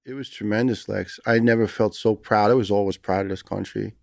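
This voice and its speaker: Earnest, gravelly New York man. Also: lowish voice, fairly even intonation, a little fast, soft background music. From United States. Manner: earnest, emphatic, storytelling. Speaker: retired firefighter guest. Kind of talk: podcast interview.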